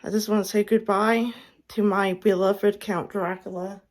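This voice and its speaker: A woman's voice: mid-range voice, little pitch movement. A young woman giving an emotional farewell message, close to tears, sighing and restarting her sentences often. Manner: halting, tearful, many restarts and sighs. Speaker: fan vlogger.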